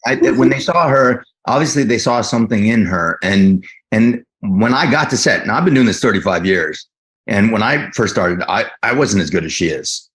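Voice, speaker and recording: A man in his fifties, a guest actor in a casual interview, talking in a rambling, animated way with many restarts. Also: lowish voice, moderate pace. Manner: animated storytelling, acts out quotes.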